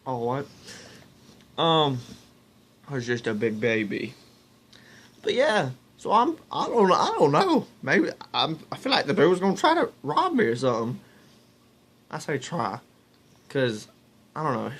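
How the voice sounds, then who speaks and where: A young man with a drawl tells stories to his camera. His voice sits a little high for a man. He rambles, restarts his sentences and keeps calling out to his viewers as "y'all". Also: wildly swooping pitch, measured pace, long pauses, a bit bright, husky. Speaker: vlogger. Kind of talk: casual storytelling to camera.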